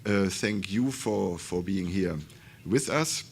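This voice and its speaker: A man moderating a conference panel, polite and a little halting as he thanks the hosts. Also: low voice, creaky, slight background noise.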